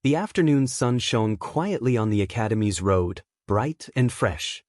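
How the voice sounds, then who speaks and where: A man narrates a martial-arts fantasy audiobook in a steady, even reading voice. His pitch sits right in the middle. The recording is dry and close, with no room sound at all. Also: measured pace, no echo.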